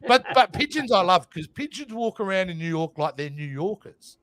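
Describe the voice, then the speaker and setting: A man co-hosting a podcast in casual chat, animated and laughing often. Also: sits high, moderate pace, no echo. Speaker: podcast co-host.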